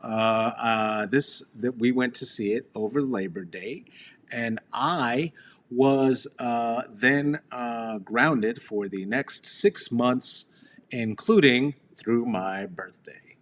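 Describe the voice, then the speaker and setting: A man hosting a reflective storytelling monologue outdoors beneath a tree, talking slowly with wandering asides and fillers. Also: mid-range voice. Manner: slow, wandering, with laughs and fillers. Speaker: host.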